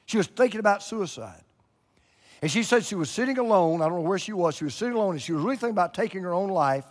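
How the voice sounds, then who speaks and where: A pastor preaching a televised sermon, swinging between hushed and loud emphatic lines. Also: male voice, sits high, lively intonation, quick pace, big-room sound. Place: large church room.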